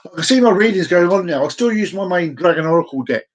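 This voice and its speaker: Playful man, chatty and slightly high. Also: quick pace, rough recording. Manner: playful and chaotic, repeats and stretches phrases; sudden whoops and excited outbursts. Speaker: live-stream host. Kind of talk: casual live-stream chat. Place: at home at a desk.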